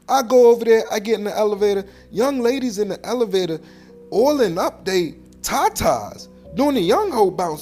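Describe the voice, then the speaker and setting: A comedian telling a slangy, animated comic story about a night out, jumping in and out of the voices of the people in it. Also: mid-range voice, moderate pace, faint music behind. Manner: slangy, acts out every voice in the story.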